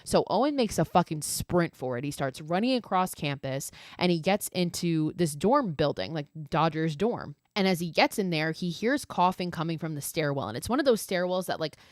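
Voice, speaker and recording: Low-voiced woman, casual horror recap. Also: moderate pace, hardly any pauses, dry recording, clean studio sound. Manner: chatty and animated, lots of "like" and swearing. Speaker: podcast host.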